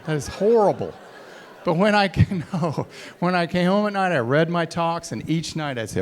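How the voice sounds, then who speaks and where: Animated man telling stories to a crowd. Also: high-pitched, a little fast, big-room sound. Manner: playful, acts out scenes with silly voices. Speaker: motivational speaker to sales trainees. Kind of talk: animated storytelling talk to a live audience. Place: large hall before a college audience.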